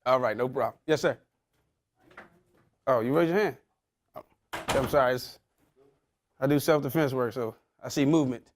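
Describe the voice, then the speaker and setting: A man's voice: mid-range voice, moderate pace, long pauses. A man giving a motivational talk, quizzing his young audience in casual slang. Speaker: motivational speaker.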